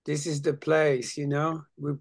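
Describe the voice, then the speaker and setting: A woman's voice: deep voice, flat delivery, a little slow. A woman leading a group discussion, affirming the others and saying "beautiful" often.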